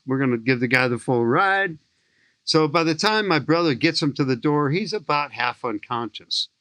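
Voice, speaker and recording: A man in his sixties from St. Louis, a skydiving instructor telling lively, enthusiastic stories as a podcast guest. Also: a little high, dry recording. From St. Louis, USA. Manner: enthusiastic, lively anecdotal storyteller. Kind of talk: animated storytelling in an interview.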